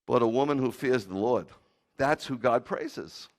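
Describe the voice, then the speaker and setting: A man's voice: mid-range voice, measured pace. A man preaching a sermon as rabbi, telling funny stories with jokey asides. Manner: animated storytelling with jokey asides.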